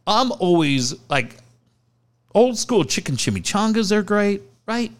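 A man's voice: sits high, big pitch swings, measured pace. A middle-aged man from the San Diego area, chatting casually on a podcast, rambling and swearing as he goes. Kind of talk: casual chat.

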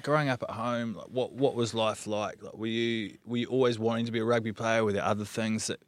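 A man's voice: on the low side, fairly even intonation, fairly quick, no echo. A man with a New Zealand accent hosting a podcast, asking easygoing, chatty questions. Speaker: podcast host. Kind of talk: casual interview.

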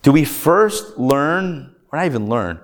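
Animated man teaching a live class. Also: a little high, measured pace. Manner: lively, animated storytelling with playful asides.

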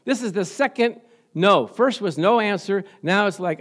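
A high-pitched man delivers a sermon to his congregation, quizzing them and laughing often. He drops to quiet, confiding asides, then surges into loud, fervent emphasis. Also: normal speed. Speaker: pastor.

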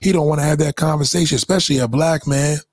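A man's voice: on the high side, steady tone, fast talker, darkish tone, husky, dry recording. A man in a blunt, crude rant full of swearing, speaking in a preachy tone. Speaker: commentator. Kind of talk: profane rant.

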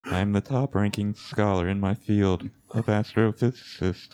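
A man's voice: fairly low pitch, fairly even intonation, unhurried, lightly acted. A man voicing a pompous, boastful self-proclaimed astrophysicist who talks in a mock-serious way. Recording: hissy recording.

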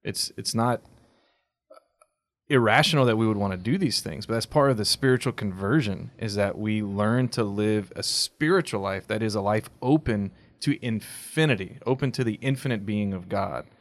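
A man co-hosting a podcast, speaking in a measured, reflective way, with dry jokes in between. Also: fairly low pitch. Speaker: podcast co-host. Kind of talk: casual chat.

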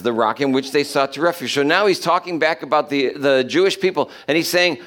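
A man preaching a sermon, reading scripture aloud and explaining it, slowing down to stress key verses. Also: fairly high pitch, fairly bright tone. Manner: emphatic, slows down to stress quoted verses.

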